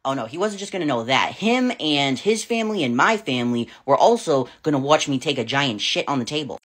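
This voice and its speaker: A woman's voice: sits low, sing-song, brisk, breathy edge. A woman vlogger telling a personal story to camera in a frank, casual way, swearing freely and laughing often. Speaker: parent vlogger.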